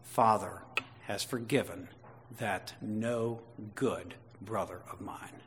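A man voicing a resentful grown older brother, muttering his grievance in a low, quiet grumble. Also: fairly even intonation, slow pace, in a large hall, slight background noise. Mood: bitter, sulking.

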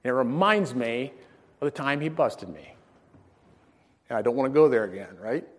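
A man preaching a storytelling sermon in a folksy, animated way, acting out the dialogue in his story. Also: medium pitch, moderate pace. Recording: long reverb in a large hall.

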